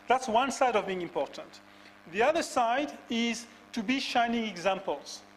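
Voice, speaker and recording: A man giving a measured farewell speech as an outgoing executive, pausing often with fillers. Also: extremely high pitch, animated, a little hiss or hum, low-quality recording. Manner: measured, halting, with many fillers. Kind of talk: formal speech.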